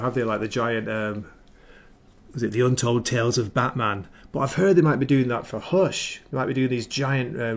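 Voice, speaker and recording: A man hosting a casual comic book livestream, chatty and enthusiastic, rambling through asides while reading viewer comments. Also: medium pitch. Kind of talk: casual chat. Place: home livestream setup with ring light.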